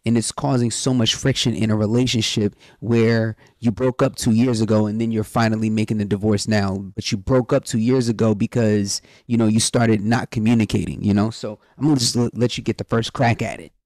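A man's voice: on the low side, fairly even intonation, a little fast, few pauses, darkish tone, no echo. A man co-hosting a podcast with his wife, talking in a casual, slangy, rambling way with lots of fillers. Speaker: podcast co-host.

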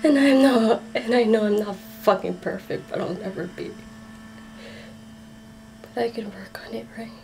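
An actress playing a soldier fighting PTSD, her voice strained and moving between hushed whispers and sudden outbursts. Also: medium pitch, moderate pace, vocal fry, hardly any pauses, slight background noise, close to an everyday voice, poor audio. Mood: self-loathing. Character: soldier woman battling PTSD and inner self-loathing. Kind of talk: film drama acting.

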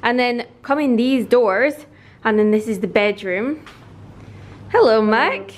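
A woman's voice: a little high, slow, a little hiss or hum. Chatty young woman vlogging. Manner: chatty, excitable, laughs often. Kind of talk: casual vlog chat to camera.

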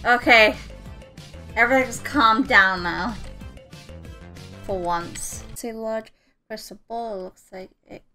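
A young woman giving casual gameplay commentary, excitable and playful, with mild joke swearing. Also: fairly high pitch, slow pace, pauses often, soft background music. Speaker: gamer.

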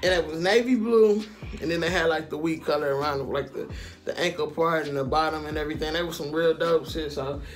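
High-voiced man telling a slangy story. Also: brisk, faint music behind. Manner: slangy and profane, with frequent asides to the listener. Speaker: storytime vlogger. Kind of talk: casual storytelling to camera.

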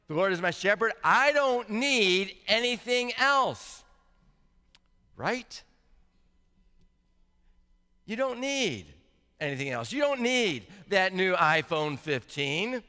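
A male pastor preaching to his congregation in a church sanctuary. His voice is bright and ringing and sits a little high, and it carries a long reverb through the hall. He slows down for scripture readings and then builds to an emphatic, rising pitch. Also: clear, resonant tone. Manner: reads scripture slowly and deliberately. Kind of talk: sermon.

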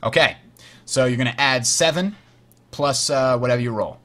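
A man with a mid-range voice walking a new player through a board game, explaining each rule as it comes up. He talks in a loose, chatty way, filling pauses with "uh" and correcting himself as he goes. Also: mid-range voice, pushed and bright. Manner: explanatory, frequent uh fillers, self-correcting. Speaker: host teaching a board game. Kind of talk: tutorial while playing.

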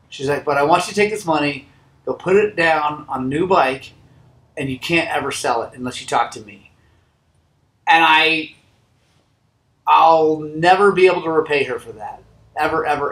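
A man who owns a motorcycle shop tells his own story in a heartfelt, halting way, recorded inside his shop. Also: a little high, a bit bright, echoey room, rough recording. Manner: earnest, heartfelt, halting with restarts. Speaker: motorcycle shop owner and channel host. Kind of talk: personal storytelling to camera.

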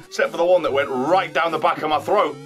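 A man chatting and joking loudly while moving heavy furniture, swearing and exclaiming often, a little out of breath. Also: fairly high pitch, normal speed. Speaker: vlogger. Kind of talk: casual chat while doing heavy lifting.

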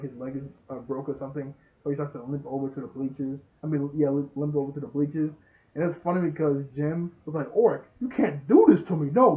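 A man casually recapping a show episode, chatty and laughing often. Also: a little high. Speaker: show reviewer. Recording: tinny phone-like sound.

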